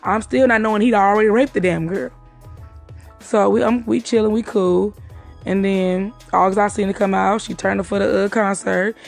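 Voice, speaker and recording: A woman's voice: medium pitch, steady tone, gravelly, soft background music. A woman casually recounting events from a night out, swearing freely and acting out what others said. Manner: profane, talks fast and acts out the quotes. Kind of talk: casual storytelling.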